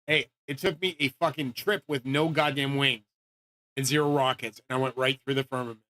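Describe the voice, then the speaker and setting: A man's voice: mid-range voice, fairly even intonation, a little fast, pushed and bright. A man hosting his channel, ranting casually and profanely in an agitated way. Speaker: channel host. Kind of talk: casual rant to camera.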